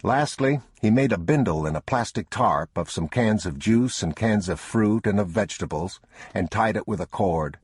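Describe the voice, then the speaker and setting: Deep, husky male narrator. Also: lively intonation, normal speed, no room sound, clean studio sound. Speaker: audiobook narrator. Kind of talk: scripted narration.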